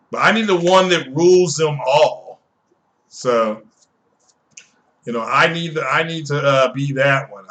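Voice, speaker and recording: A man chatting casually on a live stream, excitable and rambling, often repeating himself. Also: on the high side.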